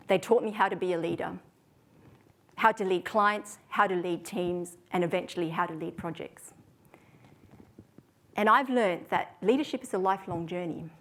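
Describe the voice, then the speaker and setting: A woman, giving a prepared talk to an audience in a measured storytelling way. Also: on the low side. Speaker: speaker.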